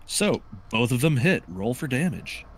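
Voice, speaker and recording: A man narrating and ruling as game master of a tabletop game, relaxed and wry, with filler words. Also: medium pitch, a little slow, a little hiss or hum.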